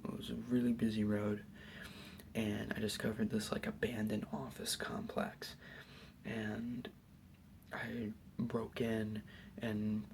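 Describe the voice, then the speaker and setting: A young man giving a soft, hesitant, whispered ASMR Q&A at home late at night, rambling with lots of fillers. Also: on the low side, completely flat delivery, takes it slowly, creaky, long pauses, a little hiss or hum. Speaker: YouTuber answering questions.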